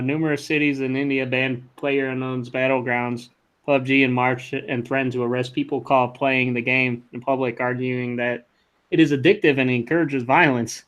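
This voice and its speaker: A man's voice: medium pitch, fairly bright tone. A man co-hosting a casual tech podcast, reading news items aloud in a profane, offhand way.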